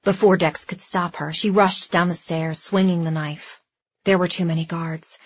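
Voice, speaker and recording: Woman narrating a story, husky and dry. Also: fairly low pitch, fairly even intonation, moderate pace, dry recording. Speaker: audiobook narrator. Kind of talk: scripted narration. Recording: dry, slightly dull lo-fi recording.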